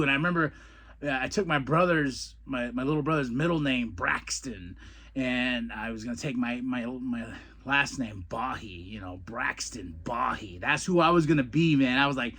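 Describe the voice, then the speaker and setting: A man's voice: mid-range voice, normal speed, bright, forceful tone. A man hosting a podcast, telling old wrestling stories in a rambling way, repeating words and laughing often, then recapping a wrestling show. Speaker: podcast host, former wrestler. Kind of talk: casual storytelling and wrestling recap.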